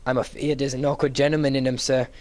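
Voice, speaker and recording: A man voicing a cheeky, cheerful manservant in a dramatic reading, with a lower voice and rough, dropped-ending speech. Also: little pitch movement, fast, a little mellow, natural voice. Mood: dry encouraging.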